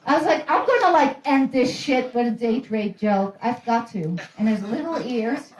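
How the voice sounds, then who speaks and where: A woman's voice: high-pitched, lively intonation, a little slow, a little mellow, slight background noise. A woman, doing rambling, profane, self-deprecating stand-up storytelling at a house party. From Netherlands. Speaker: stand-up comedian. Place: room in a private house. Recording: roomy echo.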